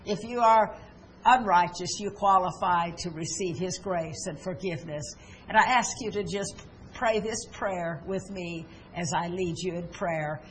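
A woman's voice: lowish voice, a little slow, slight background noise, poor audio. Earnest woman preaching a sermon. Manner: earnest, leads a prayer, many restarts and fillers. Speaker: pastor. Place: church.

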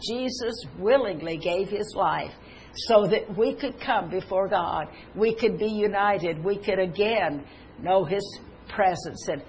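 A woman's voice: medium pitch, a little hiss or hum, poor audio. A woman preaching a televised sermon, earnest, stopping and restarting as she quotes scripture. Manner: earnest, with many restarts, quoting scripture aloud.

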